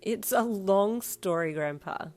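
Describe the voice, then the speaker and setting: A woman's voice: mid-range voice, slow, a little mellow, pitched above the performer's own voice, natural voice. A woman voicing a shy young woman who stammers and gets easily flustered in a storybook reading.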